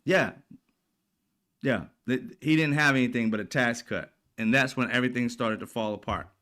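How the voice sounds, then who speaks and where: A man's voice: medium pitch, moderate pace, pushed and bright. A man hosting political commentary, ranting in a blunt, profane, exasperated way.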